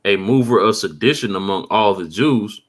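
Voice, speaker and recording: A man preaching and reading scripture aloud, asking rhetorical questions and tagging his lines with "man.". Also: lowish voice. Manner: reads verses slowly, asks rhetorical questions, tags lines with "man". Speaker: street preacher.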